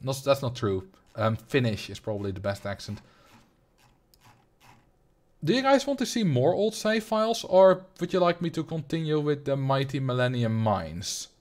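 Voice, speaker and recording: With a mid-range, darkish voice, this young man from the Netherlands talks animatedly at a moderate pace. Streaming as he plays, he speaks with a Dutch accent and rambles, reading chat messages aloud and responding.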